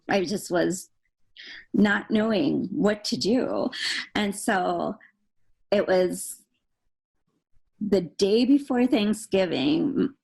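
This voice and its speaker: A woman's voice: lowish voice, vocal fry, slightly rough. A middle-aged woman, telling her own story in an interview, rambling and acting out what others said to her. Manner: rambling, acts out quoted dialogue. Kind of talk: emotional personal story.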